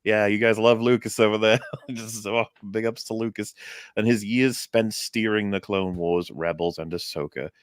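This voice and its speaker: A man's voice: lowish voice, steady tone, moderate pace, clean tone, no room sound. Dry-sounding sardonic man co-host. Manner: sardonic, swears freely, mocking asides. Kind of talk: casual panel chat, reading an article aloud.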